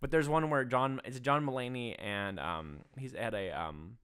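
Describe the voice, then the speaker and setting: A man co-hosting a podcast in casual chat, joking around and often trailing off into low mumbles. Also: normal speed, a bit bright, smooth. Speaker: podcast co-host.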